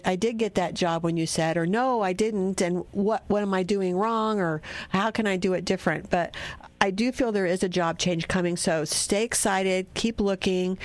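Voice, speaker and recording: A woman's voice: mid-range voice, no room sound. A woman giving tarot readings to callers on a radio show, chatty and reassuring. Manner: chatty, reassuring, spiritual advice.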